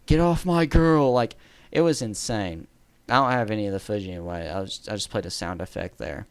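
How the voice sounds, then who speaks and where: A man's voice: low voice, a little fast, creaky, clear, resonant tone. A man telling a story in a casual storytime monologue, rambling, correcting himself and laughing at his own story. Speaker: storyteller vlogger.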